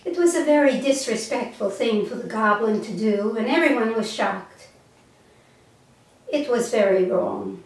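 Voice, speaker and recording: A woman telling a parable slowly and gently and then reflecting on its spiritual meaning, with a few small stumbles, recorded from a distance in an echoey room. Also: on the high side. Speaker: storyteller and teacher. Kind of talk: slow storytelling and spiritual teaching. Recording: echoey room, mic far off.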